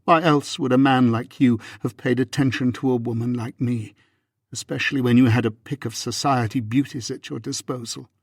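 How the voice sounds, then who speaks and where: A man's voice: mid-range voice, steady tone, normal speed, husky, no echo, studio quality. A man voicing a hurt, proud Regency wife. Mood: wounded. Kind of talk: audiobook reading.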